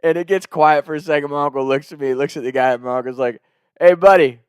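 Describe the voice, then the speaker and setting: A man's voice: mid-range voice, steady tone, quick pace, clear, resonant tone, no echo, studio quality. A man in his thirties from Ohio and Kentucky, telling a story in a loose, rambling, profane way. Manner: loose, swearing, rambling with "like" fillers.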